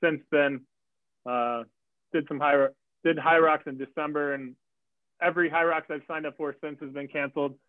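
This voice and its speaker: A man telling a race story in casual chat, acting out quotes with lively jumps in his voice. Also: normal speed, dry recording. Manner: animated, acts out quotes with big pitch jumps. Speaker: guest athlete. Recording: tinny phone-like line.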